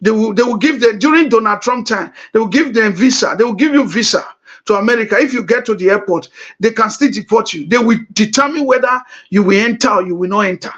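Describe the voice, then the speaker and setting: A middle-aged man with a Nigerian accent hosting a talk show, explaining politics and repeating points slowly. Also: sits high, fairly bright tone, dull audio. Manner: many uh fillers, emphatic. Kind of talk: political commentary monologue.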